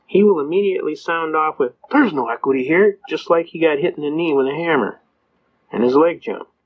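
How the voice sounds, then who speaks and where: A man giving a storytelling lecture on constitutional law in a folksy, animated way, acting out quotes and laughing often, on a muffled lo-fi recording. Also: a little high, fairly quick.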